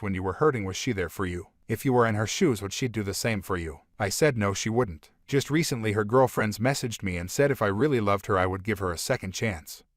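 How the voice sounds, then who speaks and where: Lower-pitched man reading a story. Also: dry recording, clean studio sound. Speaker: story narrator. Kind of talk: scripted narration of a first-person online story.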